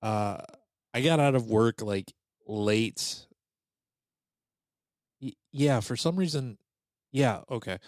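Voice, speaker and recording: A man's voice: medium pitch, takes it slowly, pauses often, no room sound. A man casually telling a story on a podcast, acting out the voices of the people in it. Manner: animated, acts out quoted voices. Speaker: podcast host.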